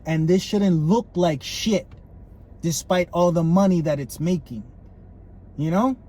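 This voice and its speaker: A man co-hosting a podcast, swearing freely in animated rants. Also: high-pitched, a little slow. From Puerto Rico. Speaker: podcast co-host. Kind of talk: casual chat.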